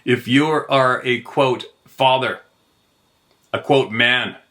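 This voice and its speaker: A man's voice: medium pitch, steady tone, takes it slowly, bright, forceful tone. A middle-aged man hosting his own show, ranting in a heated, profane monologue. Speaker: host. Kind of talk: angry monologue.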